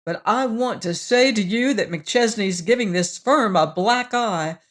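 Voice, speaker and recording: A woman's voice: mid-range voice, animated, measured pace, natural voice. Jovial pushy salesman guy, fat and shrewd, audiobook read by a woman. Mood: indignant. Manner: jovial, earnest, blustering. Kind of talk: audiobook character reading.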